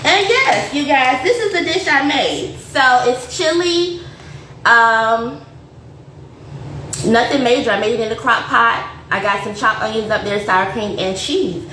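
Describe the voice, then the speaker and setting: A woman's voice: fairly high pitch, recorded from a distance. A woman hosting a casual home cooking livestream, chatty and upbeat as she plates food for viewers. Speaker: host of a home cooking show. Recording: echoey room, voice off mic, faint noise.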